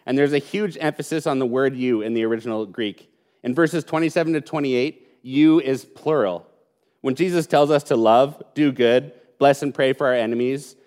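Brief: male pastor, mid-pitched, earnest and emphatic sermon delivery. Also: a little mellow. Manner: earnest, emphatic preaching with pauses and repetition.

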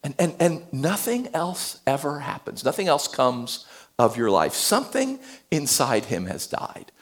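A male pastor giving a sermon, animated, swinging between loud emphasis and hushed tones. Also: fairly high pitch, unhurried.

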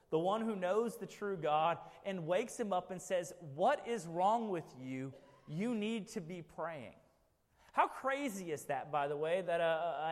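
A man in his forties preaching a sermon in a conversational way, often adding "right?" to check in with listeners. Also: high voice. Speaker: pastor. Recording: reverberant church hall.

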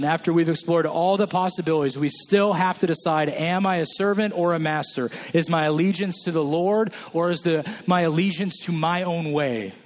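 High-voiced male pastor preaching. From California. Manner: personal storytelling with quoted dialogue. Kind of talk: sermon.

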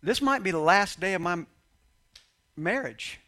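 This pastor has a high voice with a sharp tone and lively intonation, delivered at a moderate pace. In his sermon he shares a story from his own experience, acting out quoted exchanges and laughing with the people listening.

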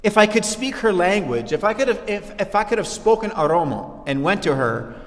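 A man preaching a sermon, animated, dropping low and then rising to shouts. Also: normal speed, in a large hall. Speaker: pastor.

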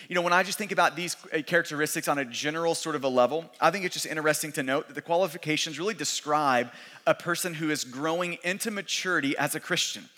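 Male pastor, conversational sermon, slightly high, bright and forceful voice, echoing church hall. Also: fast. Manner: conversational, repeats words, restarts. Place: church sanctuary. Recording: long church hall reverb.

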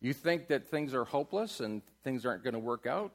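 A man preaching a sermon in a church, asking his congregation questions and building to loud climaxes. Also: medium pitch, animated, a little fast. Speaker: pastor. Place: church sanctuary.

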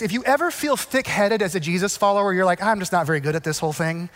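A man preaching a sermon in a conversational, animated way, often checking in with the congregation. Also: high voice, long reverb tail. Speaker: pastor.

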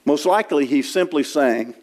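A man's voice: on the high side, animated, moderate pace, darkish tone. A man preaching an expository sermon in a church, talking in a conversational way with frequent restarts while he quotes and explains scripture. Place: church sanctuary.

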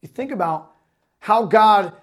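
A man preaching a sermon as pastor, reading scripture aloud and then explaining it in casual, animated talk. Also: sits high, measured pace.

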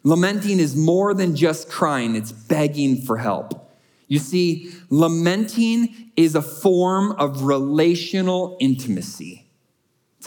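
A man preaching a sermon at an unhurried pace, his voice sitting a little higher than most men's. He leans into each point with earnest emphasis and repeats short phrases to drive them home. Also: sing-song, a little mellow. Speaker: pastor.

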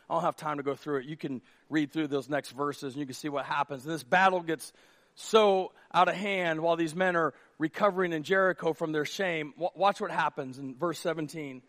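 Male pastor, high-pitched voice, conversational sermon delivery with hushed lows and shouted highs. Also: normal speed. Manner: conversational, drops to a hush for acted dialogue, then rises to near shouts. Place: church auditorium stage.

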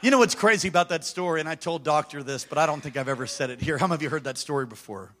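High, bright-voiced preacher man. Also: very fast. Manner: swings from hushed storytelling to shouted exhortation. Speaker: pastor. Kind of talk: revival sermon storytelling. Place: church sanctuary.

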